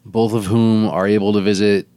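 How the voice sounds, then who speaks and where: A young man co-hosting a casual podcast chat, delivering jokes with dry, deadpan humor. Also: lowish voice, normal speed, clear, resonant tone, no echo. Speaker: podcast co-host.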